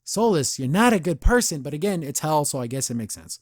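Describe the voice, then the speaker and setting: A man's voice: fairly high pitch, big pitch swings, fairly quick, no room sound, studio quality. A man hosting a podcast, casually reviewing an episode, rambling and laughing often. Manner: chatty, rambling, laughs often, says "I don't know" a lot. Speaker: podcast host.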